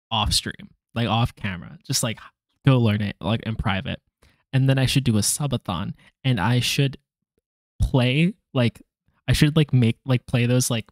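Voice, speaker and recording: A man's voice: medium pitch, dry recording, studio quality. A man streaming his language study, chatting casually, joking and rambling, laughing often and trailing off with fillers. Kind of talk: casual live-stream chat.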